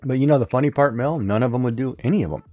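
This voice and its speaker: A man's voice: mid-range voice, rapid-fire, mellow, no echo, muffled recording, soft background music. Man explaining things with a dry joke. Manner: explaining, dryly joking. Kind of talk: casual chat.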